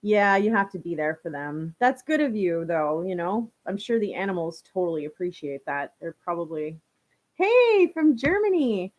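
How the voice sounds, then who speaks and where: With a fairly low, very animated voice at a moderate pace, a young woman from Canada hosts a laid-back live stream. She reads viewers' comments and chats warmly with them, laughing often and using plenty of "like" and "you know" fillers.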